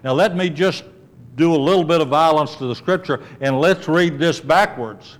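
Man preaching a casual sermon. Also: normal speed. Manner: conversational preaching, asides like "okay" and "don't sweat it"; drops low and soft when quoting scripture. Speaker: pastor.

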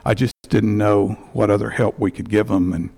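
Male church elder, sermon storytelling, heartfelt and halting, a bit of fry in the voice, headset mic. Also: on the low side, steady tone, a little mellow.

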